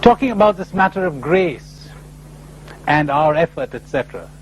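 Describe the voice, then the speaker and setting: A man delivers a spiritual lecture with stories. His voice sits a little high and swings widely, playful one moment and emphatic the next. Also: normal speed, a little hiss or hum, rough recording. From India. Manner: animated storyteller, playful and emphatic. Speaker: spiritual speaker.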